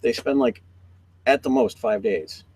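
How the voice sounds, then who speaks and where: A man co-hosting a casual panel chat, lively and jokey. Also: mid-range voice, a little slow, slightly rough, poor audio. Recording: light background noise.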